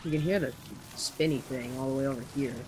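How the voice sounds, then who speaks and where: A young man chatting and planning out loud while playing a co-op game. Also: medium pitch, fast, music in the background. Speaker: gamer. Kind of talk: let's play commentary. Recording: game noise behind voice.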